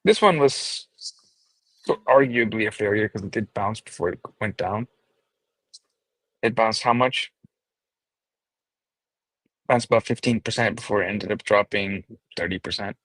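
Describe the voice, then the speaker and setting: A man's voice: on the low side, measured pace, pauses often, fairly bright tone, dry recording, poor audio. A man co-hosting a casual chat who walks through trading chart analysis step by step.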